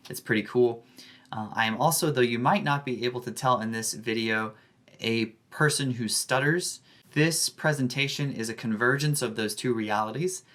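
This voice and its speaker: A man, a high school English teacher, giving a scripted academic presentation with a careful, measured delivery. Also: fairly bright tone.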